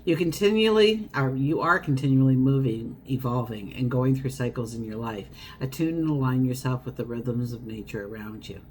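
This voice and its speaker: A woman's voice: extremely low pitch, moderate pace, hardly any pauses. Chatty woman giving a tarot reading. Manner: chatty, wandering, acts out everyday scenes. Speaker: tarot reader. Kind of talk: casual tarot horoscope reading.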